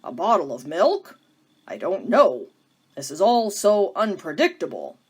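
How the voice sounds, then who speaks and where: A woman voicing a bewildered, kindly old husband in a storybook, with a mild, puzzled and measured manner. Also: lowish voice, huge pitch swings, husky, heavily acted.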